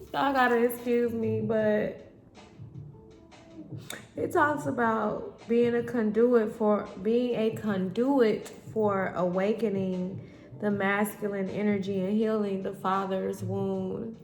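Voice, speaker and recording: Emotional lady doing a tarot reading, gravelly, talks right to y'all, echoey room. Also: a little high. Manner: candid, addresses viewers as y'all. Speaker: tarot reader.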